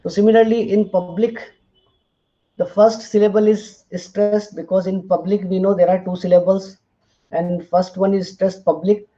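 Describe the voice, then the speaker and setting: A man's voice: sits high, flat delivery, mellow. A man teaching a linguistics lecture, spelling out letters and checking in with "fine" as he moves through examples. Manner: slow, deliberate, spells out letters, frequent "fine" and "uh". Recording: slightly dull, lo-fi audio.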